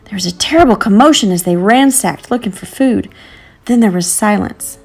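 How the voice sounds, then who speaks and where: A woman narrating a storybook in an earnest, measured reading. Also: medium pitch, vocal fry, darkish tone.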